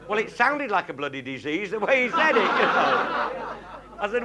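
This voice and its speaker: A man's voice: high-pitched, big pitch swings, a little slow, pauses often, background noise. A man telling a comic story to a live audience in a blunt, earthy, chuckling way. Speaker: comic raconteur. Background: audience laughing.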